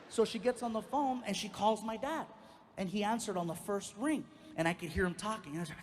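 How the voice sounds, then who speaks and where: Animated high-voiced male stand-up comic. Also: a little fast, slight background noise. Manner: animated, acts out quotes with big pitch jumps. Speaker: stand-up comedian. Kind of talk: stand-up storytelling.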